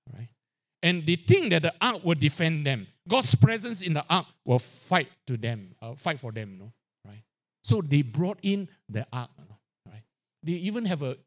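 A man preaching a sermon, peppering his lines with "you know, right?" and dropping quiet on the tag-ons. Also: a little high. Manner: drops to a quiet aside on filler tags. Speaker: pastor.

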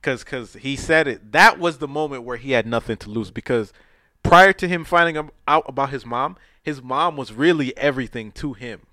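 A man's voice: medium pitch, moderate pace, dry recording, clean studio sound. A man co-hosting a casual podcast chat, retelling movie scenes with loose, profane street talk and acting out the characters. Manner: animated storyteller who acts out movie scenes. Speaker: podcast co-host.

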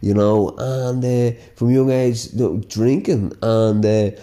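A man with a strong Dublin accent tells personal stories in a relaxed, chatty way. His voice is very dark and mellow, and he sits at a medium pitch. He laughs often and fills his talk with "you know" and "like". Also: a little slow. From Ireland. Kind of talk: casual personal storytelling.

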